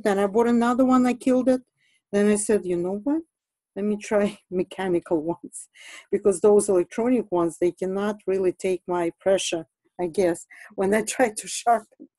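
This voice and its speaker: A woman talks through an art lesson as she draws. Her voice is mellow and soft-edged, and the sound is close and dry with no room around it. She is chatty, laughs easily and often pauses on fillers. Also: medium pitch, dry recording, rough recording. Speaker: art instructor. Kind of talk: casual teaching while drawing.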